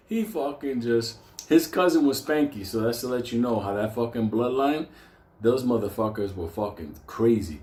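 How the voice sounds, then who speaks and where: A man's voice: medium pitch, moderate pace, darkish tone. A man telling a story casually, rambling, laughing and swearing a lot. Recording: roomy echo.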